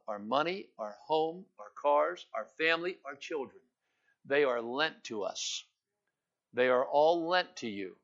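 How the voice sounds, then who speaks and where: A man preaching a sermon with fervor, rising loud and high at its peaks and sinking to a hush at others, in a dull lo-fi recording. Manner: impassioned preaching that swells loud and high, then drops quiet.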